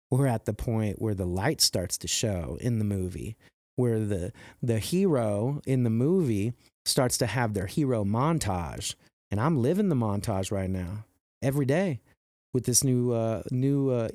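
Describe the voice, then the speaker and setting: A middle-aged man hosts a motivational podcast, earnest and pumped up, rambling with restarts. His pitch leaps high whenever he acts out quoted exclamations, and the recording is dry with clean studio sound.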